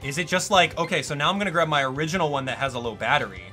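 A young man giving casual live-stream commentary on a video game, swinging from low mumbles to loud disbelief. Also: rapid-fire, faint music behind. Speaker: gaming YouTuber.

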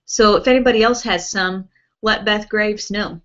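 A woman with a medium-pitched, slightly bright voice speaks at a normal pace while hosting a relaxed beauty stream from home. She chats, reads viewer comments aloud, and fills in with ums and small laughs over dull, lo-fi webcast audio.

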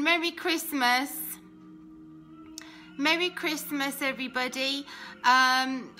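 A woman chatting casually to viewers on a live phone video from home, emotional and quick to laugh, a little out of breath. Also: high-pitched, pushed and bright, a little hiss or hum. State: slightly out of breath. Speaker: Christian vlogger.

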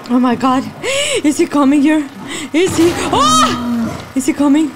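A woman giving gameplay commentary, jumpy and swearing, gasping and yelling at the game as she plays. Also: high voice, big pitch swings, a little slow, heavy background noise. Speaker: gaming channel host. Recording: game sounds loud behind voice.

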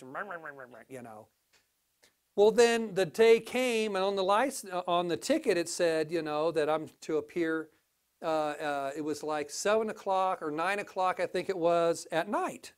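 A male pastor preaching a sermon, telling a folksy story with big swings between quiet and loud. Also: sits high, lively intonation, moderate pace.

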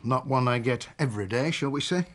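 An actor playing a weary, dry-witted divorce solicitor, who speaks in a measured, formal way and narrates. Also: male voice, medium pitch, fairly bright tone, lightly acted. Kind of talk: radio drama with narration.

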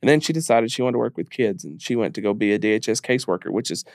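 A man's voice: fairly low pitch, expressive, very fast, no echo, clean studio sound. A man speaking as a podcast guest in a candid interview, earnest and emphatic, repeating phrases as he talks openly about grief.

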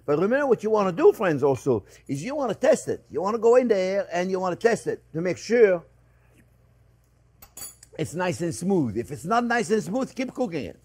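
Guy chef in a studio kitchen, casual chatty demo, kinda higher voice. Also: sing-song, normal speed, a little mellow, husky, no echo. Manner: chatty, talks straight to viewers as friends. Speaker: chef, cooking show host. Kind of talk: casual cooking demonstration.

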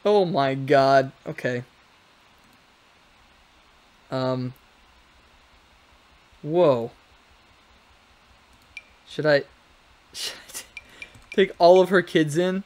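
A man's voice: fairly high pitch, extremely slow, pauses often, darkish tone. A man giving casual, chatty commentary on his own gameplay, talking to the game characters and laughing often. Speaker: let's play gamer.

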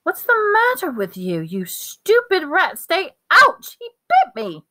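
A woman reading aloud and voicing a frightened, agitated teenage boy, yelling in a shrill, frantic way. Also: expressive, a little slow, close to an everyday voice.

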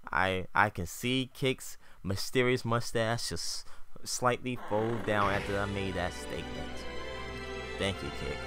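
A man giving casual, animated commentary on his gameplay, joking and trash-talking the enemies. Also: lowish voice, unhurried, music in the background. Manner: animated, trash-talks enemies, jokey asides. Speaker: let's play commentator.

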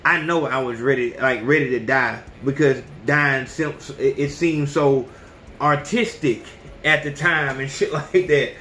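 A man's voice: medium pitch, steady tone, unhurried, pushed and bright, echoey room, slight background noise. A man in his thirties hosting a podcast, talking bluntly and profanely in a casual, preachy monologue. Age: 30s. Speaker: podcast host.

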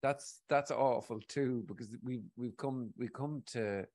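A man's voice: mid-range voice, unhurried. An Irish man in his forties, rambling and swearing freely in casual conversation as a guest. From Ireland. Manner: rambling, frequent swearing, animated. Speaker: guest speaker.

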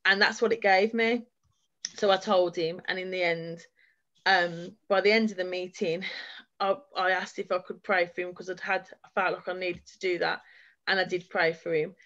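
A woman's voice: fairly low pitch, fairly even intonation, normal speed, a bit bright, highs cut off. A woman giving an earnest, heartfelt personal testimony as a guest speaker at a forum, talking in long flowing runs. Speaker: guest speaker sharing her experience.

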